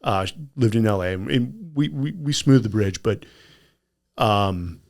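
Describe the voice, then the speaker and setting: Guy with a lowish voice telling stories as a podcast guest, chatty and animated. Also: slow pace, vocal fry. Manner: animated anecdotal storyteller. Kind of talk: casual storytelling in a podcast.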